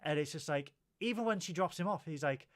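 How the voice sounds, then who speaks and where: Guy w a higher voice chatting about a movie on a podcast, lively, keeps acting out the lines. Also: a little fast. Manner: animated, retells scenes in quoted voices. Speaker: podcast host. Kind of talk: casual film review chat.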